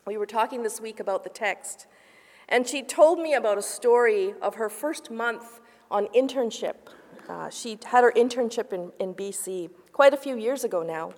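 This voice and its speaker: A woman's voice: on the high side, normal speed. Woman pastor preaching in an echoing church. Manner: storytelling, shifts between lively asides and hushed narration. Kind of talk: sermon. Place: church sanctuary. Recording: long reverb of a church hall.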